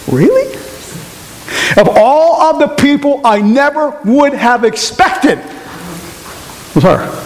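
A man preaching a sermon in a church, telling stories and mimicking other voices in an animated way. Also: high-pitched. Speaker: pastor. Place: church sanctuary. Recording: reverberant hall with faint hiss.

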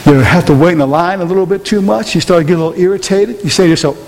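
Man preaching, high voice, emphatic rhetorical questions, long hall reverb, faint hiss. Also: racing, vocal fry, hardly any pauses, darkish tone. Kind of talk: sermon. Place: large room with an audience.

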